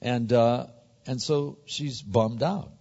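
A man's voice: medium pitch, slow, darkish tone. A male pastor preaching a conversational sermon, often repeating words as he builds to a point. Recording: muffled sound with long hall reverb.

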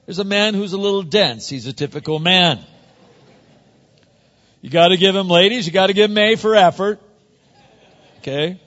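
A man's voice: high voice, normal speed, pauses often, fairly bright tone. Man preaching in an echoing hall. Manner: conversational, repeats words when building a point. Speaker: pastor. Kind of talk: sermon. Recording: muffled sound with long hall reverb.

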